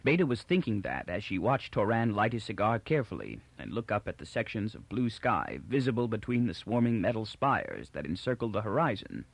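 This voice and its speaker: Expressive male audiobook narrator, measured, dry booth sound. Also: lowish voice, creaky, no room sound. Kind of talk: scripted narration.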